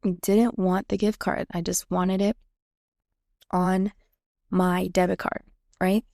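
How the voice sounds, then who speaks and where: A woman's voice: lowish voice, flat delivery, slow, creaky, dark tone, no room sound, clean studio sound. A woman podcast host telling a personal story in a chatty way, acting out the lines of the people she talks about. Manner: chatty, reenacts quoted dialogue. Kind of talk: casual storytelling monologue.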